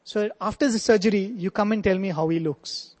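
A man's voice: high voice, brisk, darkish tone, close to an everyday voice. A man voicing a trusting six-year-old girl who asks earnest, innocent questions. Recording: long hall reverb.

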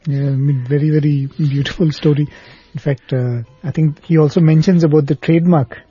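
A soft-spoken man hosting a devotional interview who laughs often and asks reflective questions. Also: on the high side, fairly even intonation, a little fast, husky. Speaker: host. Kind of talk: conversational podcast interview. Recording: dry, dull lo-fi sound.

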